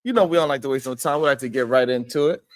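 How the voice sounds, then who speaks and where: A man's voice: medium pitch, racing. A man hosting a casual live stream, greeting chat viewers by name and arguing his point in a loose, rambling way. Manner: conversational, repeats himself as he rambles.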